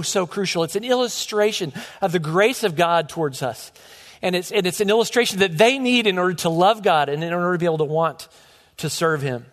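Middle-aged male pastor, earnest sermon, somewhat high voice, long church reverb. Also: a bit bright. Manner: earnest, with frequent restarts and repeated words. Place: church sanctuary.

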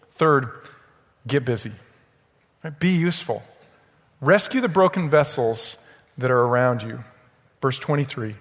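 A man's voice: mid-range voice, a little slow, long pauses, in a large hall. A man preaching a sermon as pastor, emphatic and often checking in with the congregation. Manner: emphatic, repeats "right?" to the congregation. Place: church sanctuary.

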